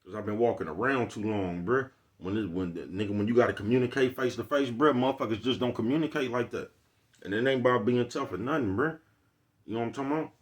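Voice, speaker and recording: A man's voice: medium pitch, quick pace. A man with an African American Vernacular English accent, talking in a loose, slangy, preachy monologue to his viewers. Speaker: vlogger. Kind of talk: casual street monologue.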